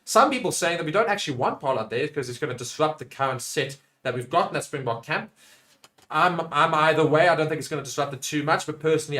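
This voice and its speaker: A young South African man provides live rugby commentary for a watchalong. His voice rises with excitement during attacks and drops low and hushed when he turns to viewer comments.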